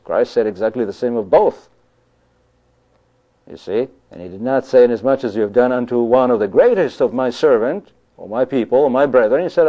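A man's voice: medium pitch, warm tone. A man preaching a sermon in an emphatic style, who often repeats himself and keeps saying "you see" and "you know.". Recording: dull lo-fi recording.

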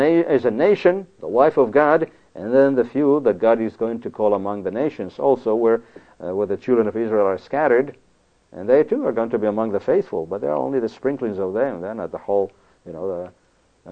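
A man preaching a sermon in a conversational, emphatic way, often checking in with "you see?". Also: medium pitch. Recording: tinny phone-like sound.

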